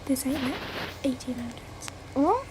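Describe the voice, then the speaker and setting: Teenage girl, English accent, high-pitched, chatty livestream talk, loud noise behind her. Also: lively intonation, unhurried. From Britain. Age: teens. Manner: chatty, giggly, says "like" and "mate" a lot. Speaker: livestream host. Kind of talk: casual livestream chat reading comments. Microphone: phone.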